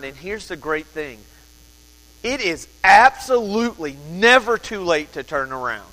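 A man's voice: sits high, big pitch swings, measured pace, bright, forceful tone, big-room sound, rough recording. A man in his thirties, a pastor telling a family story in a sermon, then preaching in an earnest, urgent way.

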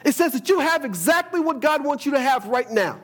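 A man's voice: very high-pitched, animated, fairly quick. A man preaching a sermon, emphatic, often repeating words as he builds a point and quoting scripture.

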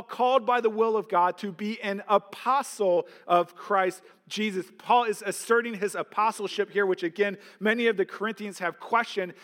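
Man, pastor, sermon, high voice, earnest and emphatic, long church-hall reverb. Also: a bit bright. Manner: earnest, emphatic preaching with rhetorical questions.

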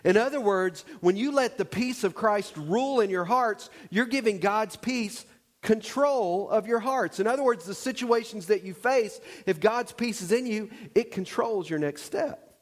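Male pastor, high voice, animated sermon storyteller, church sanctuary with long reverb. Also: moderate pace. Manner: animated storytelling with acted-out shouts. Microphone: wearing a microphone pack. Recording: long reverb of a large hall.

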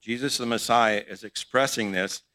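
A man's voice: medium pitch, moderate pace, pushed and bright, dry recording. A middle-aged male pastor giving a conversational sermon in church, asking his congregation questions as he teaches.

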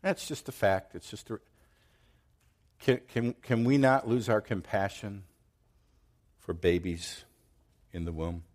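A middle-aged man preaching a sermon, telling stories with lively swings between loud outbursts and quiet asides. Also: lowish voice, slow, pauses often. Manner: animated storytelling, acts out quoted voices, swings loud and soft. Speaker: pastor.

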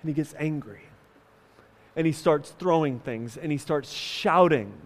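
A male pastor delivers an emphatic sermon in a slow, deliberate cadence. His voice sits high, and a long reverb trails each phrase through the hall. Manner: emphatic preaching, voices God's lines.

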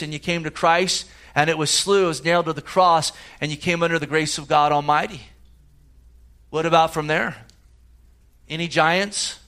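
A man's voice: fairly high pitch, fairly bright tone. A man preaching a sermon as a pastor, emphatic and full of rhetorical questions. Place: church service.

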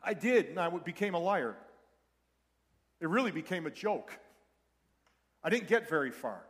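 A male pastor delivers a sermon, telling a story and then speaking earnestly to his congregation. His voice sits fairly high. The sound rings with the long reverb of a large church hall. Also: very animated, moderate pace, long pauses, fairly bright tone.

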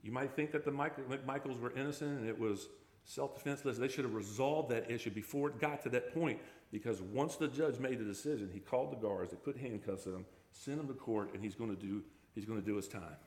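A man's voice: medium pitch, brisk, darkish tone, echoey room. A man preaching a sermon, emphatic, firing off rhetorical questions and repeating key words. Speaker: pastor.

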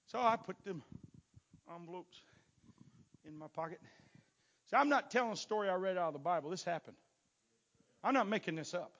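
A man's voice: high voice, normal speed, long pauses, a bit bright. A pastor telling his testimony from the pulpit to a congregation, in a folksy, storytelling manner that stumbles into repeated words. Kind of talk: sermon testimony.

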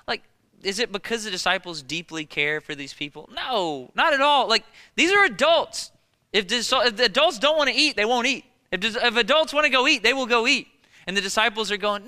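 A man preaching a sermon as a pastor, animated and conversational, with lots of rhetorical questions. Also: high-pitched, brisk, clear, resonant tone, big-room sound.

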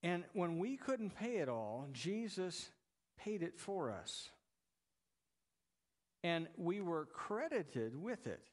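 A pastor preaching to his congregation in a loose, conversational way, tossing in jokes as he goes. His voice sits a little high for a man. The sound carries a long reverb from a church sanctuary. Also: sing-song, slow, long pauses. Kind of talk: sermon.

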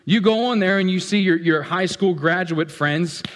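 A man preaching a sermon as pastor, animated and playful, swinging between loud outbursts and hushed asides. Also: sits high, moderate pace. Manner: playful, acts out what people feel.

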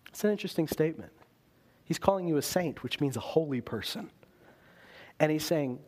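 A man preaching a sermon, swinging between loud emphasis and quiet intensity. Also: a little high.

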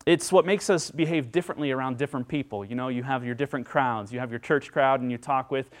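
A man preaching a sermon as pastor, earnest and dynamic, moving between emphatic lines and hushed ones. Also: mid-range voice, quick pace.

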